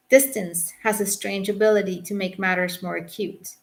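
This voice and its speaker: A woman's voice: medium pitch, steady tone, measured pace, gravelly, hardly any pauses. A young Englishwoman reading her own travel memoir aloud, reflective and dry in her understatement. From England. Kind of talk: audiobook memoir narration.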